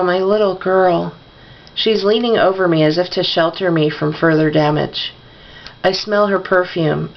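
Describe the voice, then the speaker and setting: A woman's voice: lowish voice, creaky, lo-fi sound. A woman reading a novel aloud, giving the dialogue mild shifts of voice. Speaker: audiobook reader.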